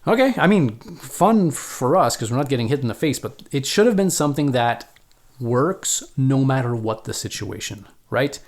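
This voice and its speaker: A man of middle pitch plays a board game alone on camera and talks as he goes. He reads game prompts aloud, counts out moves, and turns to the viewers with casual asides. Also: animated, moderate pace. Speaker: solo board game player and channel host. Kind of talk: casual playthrough commentary, reading game text aloud.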